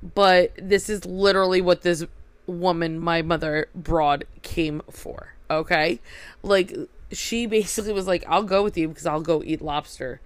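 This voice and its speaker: A woman's voice: fairly low pitch, fairly even intonation, unhurried, clear, resonant tone, no room sound. A young woman from New York telling a rambling casual story, swearing freely and saying "like" constantly. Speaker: vlogger.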